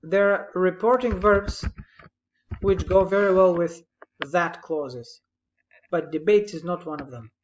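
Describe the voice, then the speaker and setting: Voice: mid-range voice, measured pace, lo-fi sound, slight background noise. A teacher patiently talking through corrections on a student's written summary. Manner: patient, explanatory, gently correcting. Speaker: English writing teacher.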